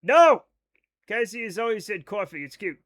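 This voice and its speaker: Man, Rhode Island accent, gaming streamer, rambling chat, sharp bright tone. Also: high-pitched, expressive, moderate pace. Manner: rambling, reads chat aloud and riffs on it. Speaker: live streamer.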